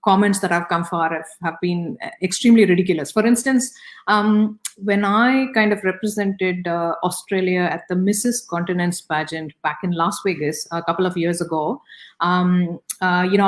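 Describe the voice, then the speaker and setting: A woman's voice: fairly low pitch, steady tone, a little fast. A middle-aged woman with an Indian accent, speaking as an interview guest in a reflective, conversational way with many fillers and restarts.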